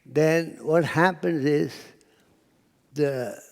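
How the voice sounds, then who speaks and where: A man gives a spiritual lecture to a live audience, his fairly high voice rough with gravel. He tells anecdotes, acts out the people in them and sinks to near-whispers for emphasis. The sound rings with the long reverb of a lecture hall. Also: drawn-out words. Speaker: spiritual speaker. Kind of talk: philosophy talk to an audience.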